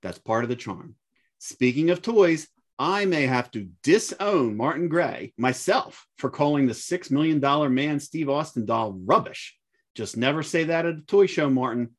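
A man's voice: on the high side, expressive, moderate pace. A man co-hosting a podcast, reading listener feedback aloud in a chatty, easygoing way. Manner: chatty, reads letters aloud with light laughs. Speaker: podcast co-host.

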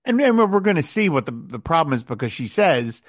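Animated higher-voiced man, dry sound. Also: brisk, no room sound. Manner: animated, lively storyteller. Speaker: podcast co-host. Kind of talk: casual chat.

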